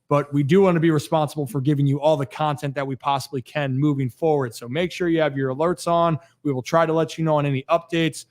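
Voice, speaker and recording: A man hosting a sports talk livestream, chatty and rambling, out of breath at the end of a long day. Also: fairly high pitch. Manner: chatty, rambling with restarts and fillers. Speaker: podcast host. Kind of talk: casual sign-off of a sports livestream.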